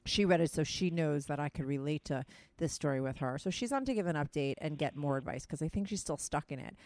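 A woman's voice: deep voice, quick pace, darkish tone, no room sound. A woman in her thirties with a New Jersey or New York accent, hosting a podcast and chatting bluntly, teasing a friend with lots of fillers. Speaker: podcast host. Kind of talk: casual chat over a phone call.

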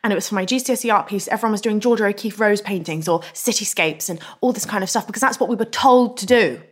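A young woman, a guest in a casual interview, telling stories frankly, animated and swearing freely. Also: mid-range voice, quick pace, husky. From England.

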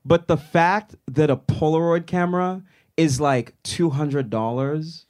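A man's voice: a little high, measured pace, a little mellow. A young man co-hosting a comedy podcast, ranting in a casual, emphatic, argumentative way. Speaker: podcast co-host.

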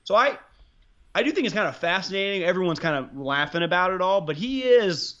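A man co-hosting a casual sports podcast, rambling, excitable and profane as he talks. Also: high voice, fairly quick, lo-fi sound. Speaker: podcast co-host.

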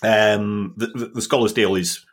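A man's voice: lowish voice, steady tone, measured pace. A man with a South East London accent explaining football finance, hesitant and full of restarts. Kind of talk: casual chat.

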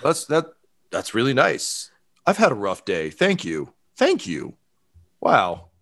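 A man's voice: medium pitch, wildly swooping pitch, a little slow, a bit bright, full character voice. A man voicing a nervous, fawning male trade official who rambles and stammers. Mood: teary.

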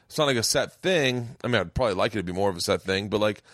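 A man's voice: lowish voice, expressive, very fast, fairly bright tone, no room sound, studio quality. A man hosting a podcast, a comedian telling a story in casual chat, rambling with many restarts and swearing freely. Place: home man cave.

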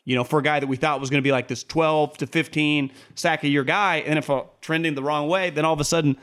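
A man's voice: on the high side, fast. Rambling male sports podcast host. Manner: rambling, animated, quotes people in a raised voice. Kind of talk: casual sports chat.

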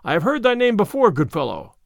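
A jovial outlaw chief, laughing and hearty, full of old-fashioned speech, as a male reader puts him on. His voice swings lively up and down. The recording is close and dry. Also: sits high, quick pace, gravelly, dry recording, full character voice. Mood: merry. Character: boisterous outlaw leader, adult man, merry.

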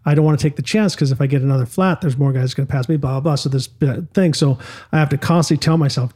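A middle-aged man with a fast, medium-pitched, slightly mellow voice is a guest on a podcast. A former motocross and off-road truck champion, he tells stories casually in an interview, often restarting his sentences and acting out quotes.

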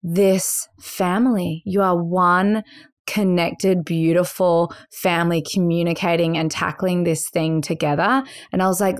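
A woman's voice: on the low side, steady tone, a little slow. Effusive Australian woman podcast host. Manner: effusive, enthusiastic. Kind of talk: casual chat.

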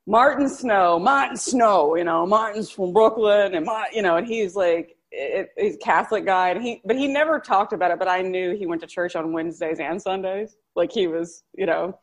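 A woman's voice: medium pitch, moderate pace, hardly any pauses. A woman in casual chat, telling a story with a laugh in her voice.

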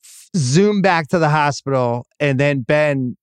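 A man's voice: fairly high pitch, unhurried, smooth, no echo. A middle-aged man hosting a podcast, telling a wry, self-mocking family story in casual chat. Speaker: podcast host.

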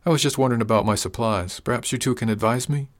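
A motherly older herbalist woman, as a male storyteller puts her on. She speaks gently and reassuringly, with homely warmth and a wry edge. The voice stays only lightly lifted from his own. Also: medium pitch, fast talker, close to an everyday voice. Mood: gentle.

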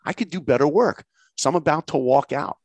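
A middle-aged man telling a personal story in conversation, lively and acting out the voices of people he quotes. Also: a little high, brisk, dry recording. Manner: lively, acts out quoted voices, laughs often. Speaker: guest storyteller.

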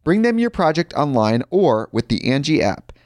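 A man's voice: a little high, very animated, moderate pace, a little mellow, no echo, studio quality. A man reading a sponsor ad in a chatty way, mixing in personal stories. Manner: chatty, anecdotal. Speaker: ad reader. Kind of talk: casual ad read.

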